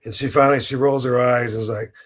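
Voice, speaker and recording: A man hosting a podcast, telling a rambling story full of restarts and acted-out quotes. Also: medium pitch. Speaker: podcast host. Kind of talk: casual chat.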